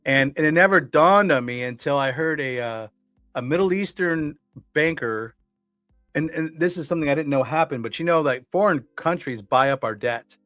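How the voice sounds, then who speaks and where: A man's voice: on the high side, moderate pace, fairly bright tone, no echo, faint music behind. A man co-hosting a casual talk show, speaking earnestly and often repeating words as he restarts his sentences. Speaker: co-host. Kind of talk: casual conversational commentary.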